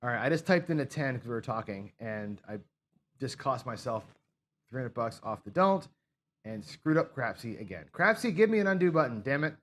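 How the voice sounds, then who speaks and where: A man's voice: mid-range voice, expressive, moderate pace. A man hosts a live craps game stream, talking loosely in a mid-range voice. He swears and scolds himself over his own slip-ups with frustrated self-deprecation. A faint hiss of noise sits under the recording. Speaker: craps show host. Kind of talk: live casual chat while playing.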